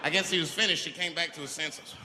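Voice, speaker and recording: A man doing live stand-up storytelling, profane and animated, acting out the people in his story. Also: fairly high pitch, quick pace. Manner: profane, animated, acts out voices. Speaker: stand-up comedian. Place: large hall with audience. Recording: live comedy hall with crowd noise.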